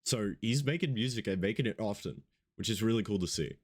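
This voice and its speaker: Sleepy, casual radio host. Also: male voice, on the low side, expressive, brisk. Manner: loose, rambling, swears casually. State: just woke up, yawning. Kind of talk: casual radio show chat.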